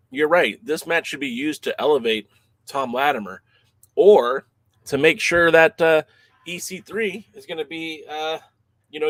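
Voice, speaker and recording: A man co-hosts a podcast in loose, casual chat, often getting worked up and laughing along as he goes. His voice is mid-pitched and sits close and dry on the mic, with no room sound behind it. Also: no echo. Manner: animated, reads chat comments, laughs easily. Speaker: podcast co-host.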